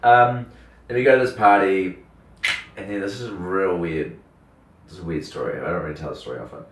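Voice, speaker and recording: A man's voice: low-pitched, a little fast, slight background noise. A young man, telling a rambling story in casual chat, packed with "like" and acted-out quotes. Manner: rambling, animated, full of "like" and quoted voices. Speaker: radio host telling a story. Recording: roomy, distant mic.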